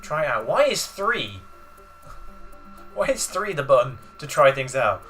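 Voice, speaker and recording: A man talks casually through a card game, rambling as he explains the rules. His voice has a bright, forceful tone at an ordinary pitch. Quiet game music plays in the background. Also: very animated, slow. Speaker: let's play gamer. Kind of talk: casual gameplay commentary.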